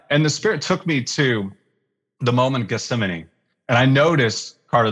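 A man in his thirties, a pastor, telling a personal faith story in a relaxed interview and acting out the lines he quotes. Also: medium pitch, breathy edge. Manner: animated storyteller with fillers, acts out quoted lines. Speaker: pastor guest. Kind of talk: conversational storytelling in a podcast interview.

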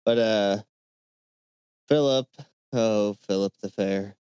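A man with a low, smooth, resonant voice recorded dry and close. He co-hosts a casual podcast and retells history in a loose, profane way, full of fillers. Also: takes it slowly, warm tone, dry recording. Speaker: podcast co-host presenting the research. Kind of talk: casual chat.

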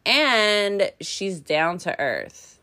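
A woman's voice: medium pitch, very animated, extremely slow, pushed and bright. A young woman hosting a podcast, chatting casually with fillers and light laughs. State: out of breath. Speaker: podcast host.

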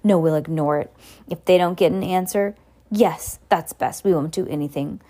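A woman's voice: lowish voice, moderate pace, lightly acted. A woman reading aloud and voicing a bullying, blustering middle-aged uncle who snaps and sneers. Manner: loud, snapping and sneering.

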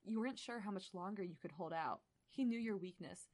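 A woman's voice: medium pitch, fairly quick, a little mellow. A woman co-hosting a comedy podcast, reading explicit fan fiction aloud, often breaking into laughter and chatty asides. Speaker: podcast co-host.

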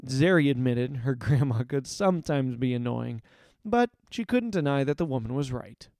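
A man narrating a story aloud in a measured, expressive reading voice. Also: medium pitch, no room sound, clean studio sound. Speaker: story reader.

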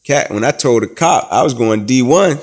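A man from Atlanta tells his story in an interview. He speaks emphatically, like a preacher, and builds to loud, rising climaxes. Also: medium pitch, lively intonation, moderate pace. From Atlanta, USA. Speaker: guest, former student.

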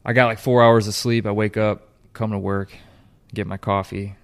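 A co-host with a fairly low, creaky voice tells a story in casual chat at a moderate pace. He's animated and loose, swearing freely and mimicking the voices of the people he quotes, which keeps things lively and conversational.

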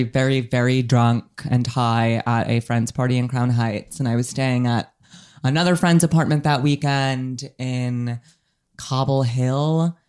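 On a podcast, a young adult man casually rambles through a personal story in a clear, resonant, medium-pitched voice with a darkish tone. He's full of likes and ums and laughs at his own expense.

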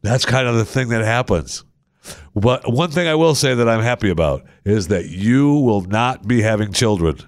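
A man hosting a comedy podcast, mocking news clips and crooning at them in a low, soothing voice. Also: animated, normal speed, no echo, studio quality. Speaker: podcast host. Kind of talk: comedic commentary over clips.

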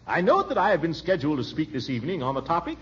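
An actor playing a blustering, flustered middle-aged official who stammers and chuckles, in 1940s radio acting style on a dull old recording. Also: male voice, a little high, wildly swooping pitch, racing. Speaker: pompous small-town official.

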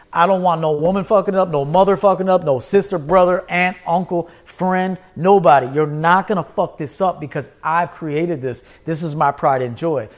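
A man hosting his own show, talking in a blunt, emphatic monologue, swearing and repeating himself for force. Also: fairly high pitch. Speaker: podcast host. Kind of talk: casual livestream monologue.

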